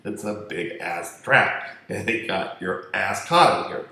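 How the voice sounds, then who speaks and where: A man's voice: lowish voice, animated, unhurried, pushed and bright. Crude rambling man in an echoey room. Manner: crude, profane, joking. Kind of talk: rambling storytelling monologue.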